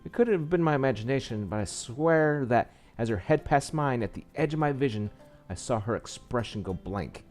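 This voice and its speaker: A man's voice: mid-range voice, expressive, moderate pace, darkish tone, faint music behind. A man reading a visual novel aloud, with small slips and asides, saying he is losing his voice. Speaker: game narrator.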